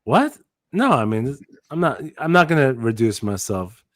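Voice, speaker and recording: A man's voice: mid-range voice, big pitch swings, moderate pace, no echo. Mid voice guy, blunt, swears a ton, dry close mic. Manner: blunt, profane, emphatic. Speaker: podcast co-host. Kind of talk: casual comedic chat.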